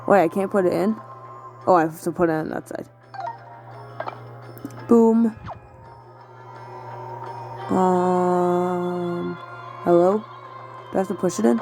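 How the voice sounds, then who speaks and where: A woman narrates her own gameplay in a casual, rambling way, talking to herself and filling gaps with ums and likes. Her voice is warm and low. Quiet game music plays behind her. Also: fairly even intonation, takes it slowly, vocal fry, pauses often, low-quality recording. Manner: thinks aloud, talking to herself with many fillers. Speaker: gamer playing a video game. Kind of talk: casual let's-play commentary.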